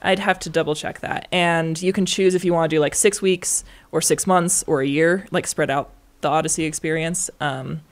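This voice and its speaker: A woman's voice: low-pitched, steady tone, moderate pace. A young woman talking as a guest in a casual chat, chatty and hedging, often laughing. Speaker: guest writer.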